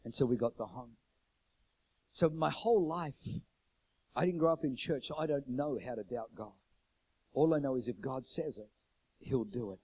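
A middle-aged pastor preaching a sermon, swinging from loud, urgent declarations to hushed, intimate storytelling. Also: male voice, mid-range voice, normal speed, pauses often, slightly rough, low-quality recording.

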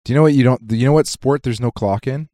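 A man's voice: medium pitch, fast talker, mellow, dry recording. A man with a Canadian accent co-hosting a casual podcast, joking and swearing freely. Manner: brash, swearing, jokey banter. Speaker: podcast co-host. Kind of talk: casual chat.

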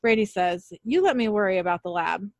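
A woman's voice: mid-range voice, a little fast, a little mellow, dry recording, clean studio sound. A woman casually retelling a TV episode, reading each character's lines in her own voice and laughing at her own slips.

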